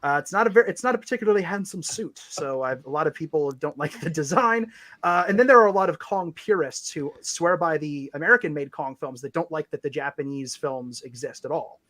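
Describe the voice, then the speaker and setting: Chatty stream guest, rambly, keeps restarting, laughs a lot, mid pitch. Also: fairly quick, fairly bright tone. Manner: rambling, self-correcting, laughs often. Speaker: stream co-host. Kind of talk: casual live-stream chat.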